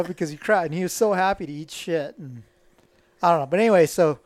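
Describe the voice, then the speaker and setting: Lively middle-aged man telling stories. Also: high-pitched, fast talker. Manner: animated, acts out quoted dialogue. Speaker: guest. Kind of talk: casual storytelling.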